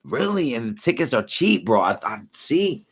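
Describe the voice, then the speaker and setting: A man's voice: mid-range voice, sing-song, moderate pace, slightly rough. A man, hosting a casual live stream and reading out viewer comments in laid-back, slangy banter. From Buffalo, New York. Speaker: livestream host reading chat.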